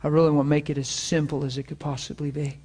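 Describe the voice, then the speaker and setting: An earnest male pastor talks to students the way you would talk to friends, moving between personal stories and a closing prayer. His speaking voice sits a little higher than most men's. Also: level tone, fast talker, darkish tone, slightly rough. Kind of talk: informal sermon ending in a prayer. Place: room with students present, also streamed online.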